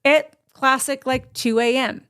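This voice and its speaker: A middle-aged woman telling a true story in casual chat, animated and acting out her own past lines. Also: sits high, unhurried, smooth. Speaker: guest storyteller.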